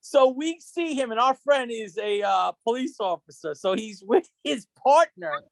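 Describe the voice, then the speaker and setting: A man's voice: very high-pitched, lively intonation, a little slow, vocal fry, no echo. A young man telling rambling, profane stories on a casual podcast, laughing as he goes. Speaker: podcast guest. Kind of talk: casual storytelling chat.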